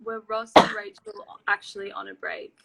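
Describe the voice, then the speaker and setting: A woman's voice: mid-range voice, little pitch movement, moderate pace, vocal fry, fairly bright tone, low-quality recording. A woman, chatting casually on a live stream and reading out viewer questions. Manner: reads out viewer questions, laughs easily. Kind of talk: casual chat.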